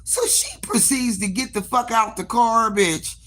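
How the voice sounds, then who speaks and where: An animated woman spinning a story in casual, salty talk, swearing freely and turning to her listeners with asides. She acts out the dialogue, her voice jumping up high for the quoted lines. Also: unhurried. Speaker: hair salon owner. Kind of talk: casual storytelling on a live stream.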